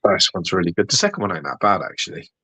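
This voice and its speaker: British man, very low husky voice, dry sound, animated sweary podcast rants. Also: fast talker, no room sound. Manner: animated ranting, swears freely. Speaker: podcast co-host. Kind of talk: casual chat.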